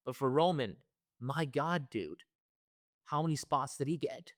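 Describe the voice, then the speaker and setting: A man's voice: a little high, animated, measured pace, no echo, studio quality. A man hosting a wrestling reaction show, ranting heatedly with lots of profanity and repeated phrases. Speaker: wrestling commentary host.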